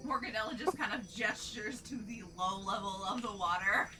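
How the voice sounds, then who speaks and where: A woman playing a tabletop game, excitable, laughing a lot and swearing now and then. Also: mid-range voice, moderate pace, over loud music. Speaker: player. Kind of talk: casual tabletop play.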